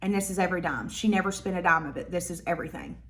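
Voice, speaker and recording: A woman voicing a flustered man who returns stolen money, speaking low and resigned. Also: very fast, fairly bright tone.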